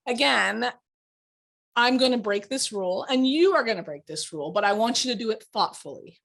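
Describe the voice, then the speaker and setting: Woman law professor, lively lecture, fairly high voice, exasperated, teasing.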